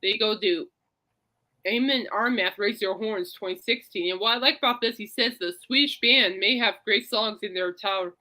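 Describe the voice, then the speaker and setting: A woman's voice: medium pitch, normal speed, bright, forceful tone, low-quality recording. A woman hosting a casual podcast, chatty and reassuring, rambling between topics. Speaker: podcast host. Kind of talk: casual chat.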